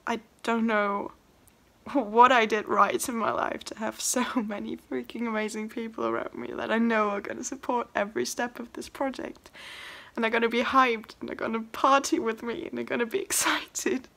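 A woman's voice: a little high, flat delivery, normal speed, gravelly, sharp tone. A young woman vlogging about her first song, tearful and laughing, overwhelmed with emotion. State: crying. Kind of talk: emotional personal vlog.

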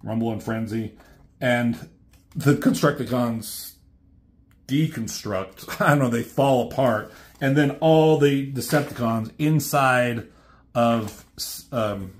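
A man's voice: mid-range voice, slow pace, slight background noise. A man, a reviewer, casually retelling a cartoon plot in a rambling, offhand way with swearing.

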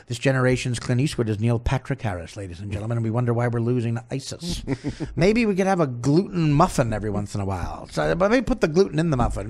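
A comedian hosting a show, delivering a crude, rambling, absurd comic rant. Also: male voice, medium pitch, lively intonation, fast, a little mellow. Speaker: comedian host.

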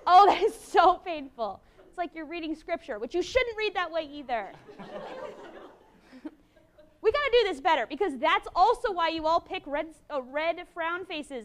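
A woman teaching a college class, lively and encouraging, with a playful manner. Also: high-pitched. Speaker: university lecturer. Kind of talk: classroom lecture.

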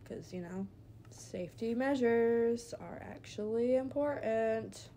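A young woman giving casual gameplay commentary, excitable and swinging between quiet muttering and loud outbursts. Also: a little high, takes it slowly, a little hiss or hum. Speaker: gaming video creator.

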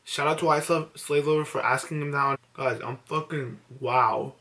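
A man's voice: a little high, steady tone, normal speed, sharp tone. Stunned, teary young man vlogging late at night. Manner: overwhelmed, emotional, breathless disbelief. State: teary, just woken up. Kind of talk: late-night excited selfie vlog. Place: indoors at home at night.

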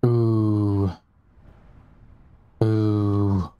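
A man's voice: fairly low pitch, flat delivery, very slow, clean tone, muffled recording, soft background music. A man chatting casually as he plays a game, rambling through stories with lots of fillers and asides. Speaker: gaming streamer. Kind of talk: casual gameplay commentary.

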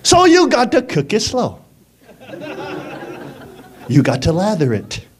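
High-ish male preacher, super animated, chatty sermon, laughs a lot and keeps asking the crowd stuff. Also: slow. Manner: animated, conversational, laughs often, asks the congregation questions. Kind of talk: lively sermon.

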